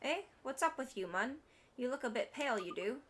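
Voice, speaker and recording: A woman's voice: high voice, animated, very fast, background noise. A woman voicing a cheeky, bossy little male fairy companion with folksy slang in a game. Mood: chatty.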